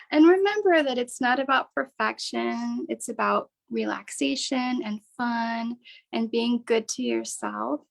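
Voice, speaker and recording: A woman hosts a live craft session in an upbeat, chatty way. Her voice sits a touch high and carries a gravelly fry. She keeps encouraging the people following along. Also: poor audio. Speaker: workshop host. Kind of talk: live online craft workshop.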